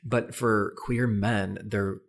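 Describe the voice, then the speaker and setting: A man's voice: lowish voice, fairly even intonation, slow, creaky. A man from North Carolina, hosting a casual interview, chatty and curious, with many fillers. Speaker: podcast host.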